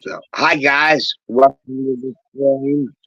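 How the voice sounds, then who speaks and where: A man's voice: medium pitch, steady tone, slow pace, fairly bright tone, no room sound. A middle-aged man hosting a casual livestream, flustered and unsure with the technology, speaking into a phone. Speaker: stream host. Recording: dull dry phone audio.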